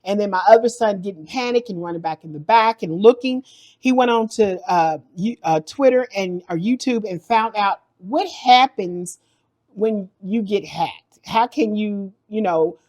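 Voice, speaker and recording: A middle-aged woman, host of a cooking channel, tells in a lively vlog how her account got hacked, acting out the panic. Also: medium pitch, measured pace. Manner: animated, acts out the panic in her story. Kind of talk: storytelling vlog.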